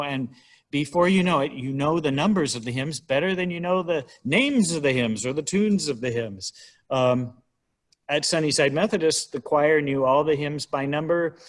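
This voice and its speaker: A middle-aged man of medium pitch gives an informal, wry talk on hymnals at a church, chatting along and sometimes counting syllables aloud.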